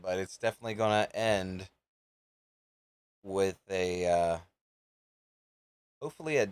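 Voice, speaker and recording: A man hosts a live reaction show in an easygoing, rambling way, musing aloud between matches. His delivery is slow and unhurried, and his pitch swings up and down a lot. The sound is close and dry, with no room echo. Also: clean tone. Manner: rambling, offhand, thinks aloud with fillers. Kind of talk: casual live reaction commentary.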